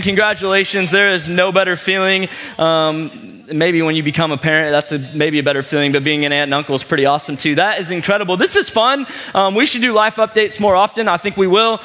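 High-voiced, chatty young preacher. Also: male voice, fairly quick. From St. Louis, USA. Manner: chatty, joking storyteller with many fillers; playful, animated quoted voices. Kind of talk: casual sermon to a live audience.

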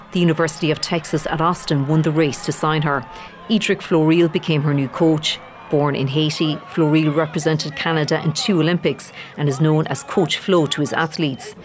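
Reporter's voice-over over soft music. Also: mid-range voice. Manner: measured news voice-over. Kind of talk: scripted narration.

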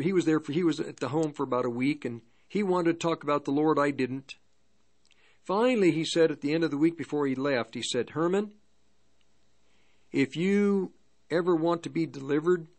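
Male, slightly raised pitch, rambling halting testimony, drifts between first and third person. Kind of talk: spoken testimony storytelling.

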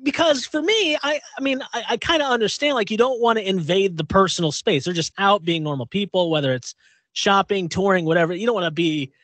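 A man's voice: high-pitched, fairly quick, fairly bright tone, no room sound. A middle-aged man co-hosting a casual radio show chat, rambling and restarting as he acts out little quotes. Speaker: co-host.

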